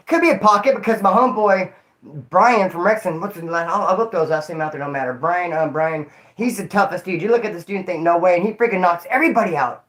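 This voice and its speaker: Brief: young Northern California guy, higher-pitched, rambling and cussing through a livestream story. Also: fast, a bit bright. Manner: rambling, slangy and profane.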